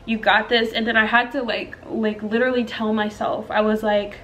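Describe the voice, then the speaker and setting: A woman's voice: fairly high pitch, flat delivery, normal speed, a bit bright, highs cut off, slight background noise. A young woman vlogger telling her own story in a chatty, emotional way, talking straight to her viewers. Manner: chatty, emotional, addresses viewers as girl and y'all. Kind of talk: casual storytelling to camera.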